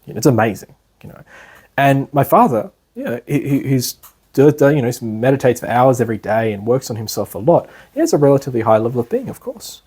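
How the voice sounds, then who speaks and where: Aussie guy teaching a class, kinda husky voice, rambles w lots of um and like. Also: medium pitch, big pitch swings, a little fast, dark tone. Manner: rambling, filled with fillers and restarts. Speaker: instructor. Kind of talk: lecture.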